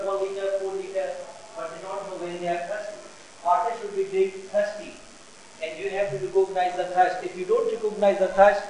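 A man teaching a lecture, explaining slowly and repeating each term twice. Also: sits high, a little hiss or hum. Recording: echoey room.

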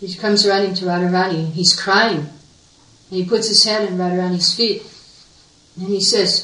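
A woman retells a devotional story in a sermon, earnest and vivid. Her voice is bright and forward. The recording is roomy, and she stands at a distance from the mic. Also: on the low side, fairly even intonation, moderate pace, long pauses. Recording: echoey room, voice far from mic.

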